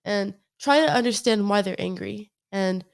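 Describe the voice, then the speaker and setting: Thoughtful young woman, hesitant and measured. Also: medium pitch, vocal fry. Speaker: guest. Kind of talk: casual conversation.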